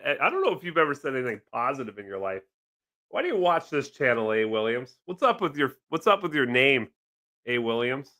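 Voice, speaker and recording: A man hosts a casual live stream, rambling and joking as he answers his chat. His voice is bright, and his pitch swings a lot from line to line. He sounds like he is at a home desk with several monitors. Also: big pitch swings, fairly quick. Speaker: livestream host.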